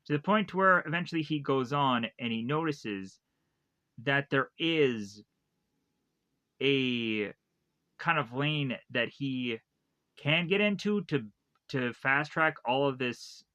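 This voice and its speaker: A man's voice: mid-range voice, bright, forceful tone, no echo. A man casually recapping a movie plot in a rambling way, full of fillers and restarts. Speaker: film reviewer.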